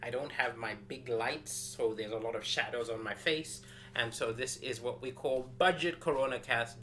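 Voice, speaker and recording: Animated male comedian chatting on a livestream. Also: fairly high pitch, slight background noise. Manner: animated, acts out quotes, greets viewers by name. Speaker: stand-up comedian hosting a live stream. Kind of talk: casual livestream comedy chat. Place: rented flat.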